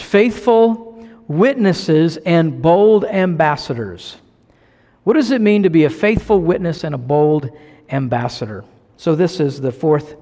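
A man from the American South with a Southern accent, preaching a sermon as pastor, earnest and teaching, slowing down to stress key phrases. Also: a little high, a little mellow, in a large hall.

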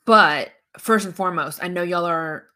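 A woman's voice: fairly low pitch, normal speed, bright, forceful tone. A woman co-hosting a podcast, chatting casually and teasing her co-host in a playful way. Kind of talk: casual chat.

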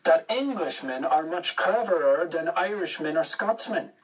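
Male reader doing a pompous joke Englishman, pitched up high, lofty, a bit off-mic. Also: expressive, measured pace, husky, recorded from a distance, low-quality recording. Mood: smug. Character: smug, boastful Englishman from a joke.

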